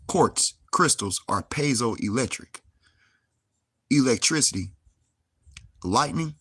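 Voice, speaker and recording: Young guy going off on a rant, husky low voice, real dry sound. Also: a bit bright, no room sound. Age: young adult. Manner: ranting, heavy cursing, rhetorical questions. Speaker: vlogger. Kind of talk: angry monologue to camera.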